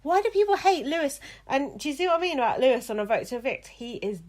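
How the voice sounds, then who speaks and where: A woman's voice: high-pitched, big pitch swings, fast. A woman hosting a podcast, ranting angrily and swearing heavily in emphatic casual talk. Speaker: podcast host.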